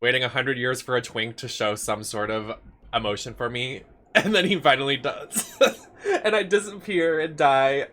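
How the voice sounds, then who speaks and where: A man's voice: mid-range voice, moderate pace, bright, forceful tone. A man streaming a video game, chatting with campy, dramatic outbursts and frequent laughter. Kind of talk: livestream gameplay commentary.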